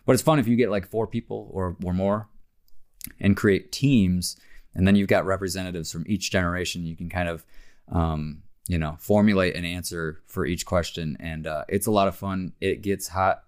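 A man co-hosting a casual sports podcast, talking in a relaxed, chatty way with many fillers. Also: deep voice, moderate pace, clean tone. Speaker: podcast host.

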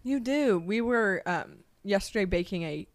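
A woman co-hosting a casual podcast chat, giggly and rambling with excitable energy. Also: medium pitch, measured pace, dry recording. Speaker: podcast co-host.

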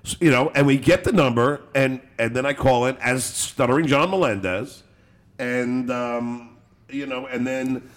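A man hosting a podcast, telling a story in a laughing, rambling, animated way with swearing and restarts. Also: mid-range voice, unhurried. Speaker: podcast host. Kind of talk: casual storytelling chat.

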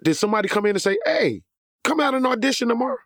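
A man's voice: very high voice, sing-song, very fast, a bit bright. A man co-hosting a podcast, asking eager, stumbling questions in casual chat. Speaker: podcast co-host.

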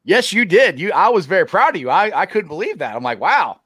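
Animated, dry-sounding male sports host. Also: high-pitched, quick pace, husky, no room sound. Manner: animated, laughs often, self-deprecating. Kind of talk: casual sports talk interview.

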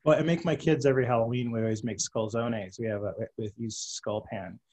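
A man's voice: mid-range voice, steady tone, brisk, a little mellow, low-quality recording. A man hosting a casual interview, playful and joking with enthusiasm. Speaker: podcast host.

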